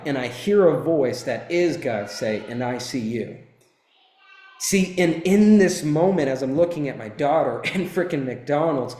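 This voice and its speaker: A man's voice: on the high side, darkish tone, reverberant. Intense, swearing motivational speaker man. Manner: intense, emphatic, swears freely. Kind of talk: motivational storytelling talk.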